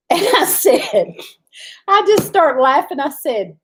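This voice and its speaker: Slow, husky woman laughing. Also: high voice, huge pitch swings, fairly bright tone. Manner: laughs often, drawling storyteller. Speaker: livestream co-host. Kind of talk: casual live chat.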